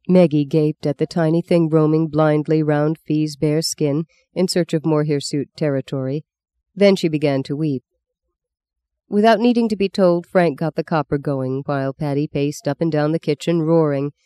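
An audiobook narrator reading a novel in an even, measured storytelling manner. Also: medium pitch, smooth, no echo. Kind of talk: scripted narration.

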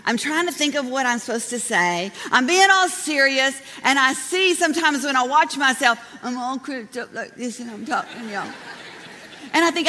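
A woman preaching a sermon in a lively, chatty way, often laughing as she talks. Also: high voice, moderate pace. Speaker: pastor. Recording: long hall reverb.

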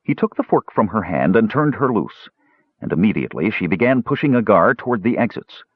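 Husky male audiobook narrator, lively expressive reading, dry close sound. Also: on the low side, a little fast, no echo, narrow, tinny audio.

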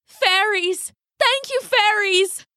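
Storybook: woman reading as a tender wanderer, slow and sincere. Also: very high voice, pushed and bright, dry recording, studio quality, voice pushed up, full character voice. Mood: amazed. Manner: earnest, emotional, tearful at times. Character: lonely wandering Irish male singer.

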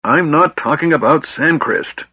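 A man doing Flint, a gruff grumpy old dwarf. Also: fairly low pitch, measured pace, no echo. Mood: roaring. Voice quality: gruff, irritable. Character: grumpy old seasick male dwarf, stubborn. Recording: slightly dull, dry recording.

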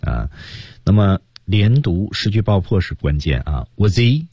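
A man's voice: low voice, expressive, measured pace, warm tone, breathy edge, dry recording, highs cut off. A man teaching English on the radio, explaining pronunciation in an encouraging way. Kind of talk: radio lesson, coaching pronunciation. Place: radio studio.

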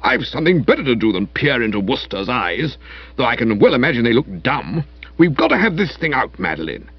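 A man reading aloud and voicing a domineering, blustering man with a husky, emotional voice, on a dry, slightly muffled recording. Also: medium pitch, very animated, brisk, no room sound.

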